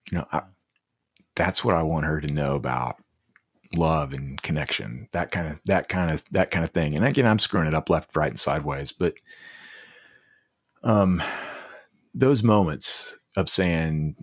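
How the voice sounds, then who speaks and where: A middle-aged man telling heartfelt stories as a podcast guest, halting and restarting often. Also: rumbling low, husky. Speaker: podcast guest, leadership coach. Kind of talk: casual interview storytelling.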